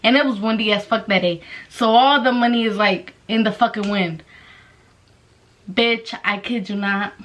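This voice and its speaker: A young woman telling a story casually to the camera, swearing constantly and acting out voices with animated energy. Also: mid-range voice. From Mexican-American. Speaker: vlogger.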